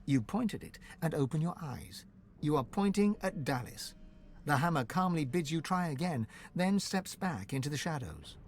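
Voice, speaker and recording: A man narrating a fantasy game in an expressive, scripted storybook delivery. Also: on the high side, normal speed, a little hiss or hum.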